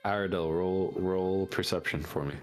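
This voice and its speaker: A man narrating a tabletop game as game master, describing scenes haltingly with many pauses and fillers. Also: sits low, steady tone, soft background music.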